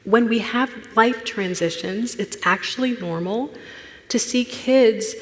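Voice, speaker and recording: A woman, a therapist speaking at a church, telling a personal story and acting out the voices in it, dropping to a hush at tender moments. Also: a little high, slow. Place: church sanctuary. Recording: long hall reverb.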